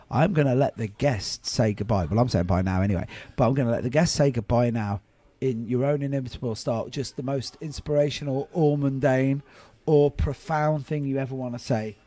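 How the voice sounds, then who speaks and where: A man's voice: mid-range voice, a little fast, hardly any pauses, warm tone, no echo. A man hosting a podcast, brash and joking, swearing freely in casual interview chat. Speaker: podcast host.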